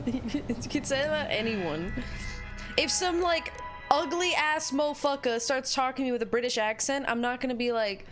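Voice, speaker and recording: A woman's voice: sits high, moderate pace, soft background music. A young woman streaming a game, joking and bantering with her chat. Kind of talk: casual gameplay chat.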